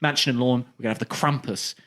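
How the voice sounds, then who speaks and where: A man co-hosting a casual comedy podcast, pitching outlandish ideas with mock-salesman bravado. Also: steady tone, quick pace, a bit bright. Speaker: podcast co-host.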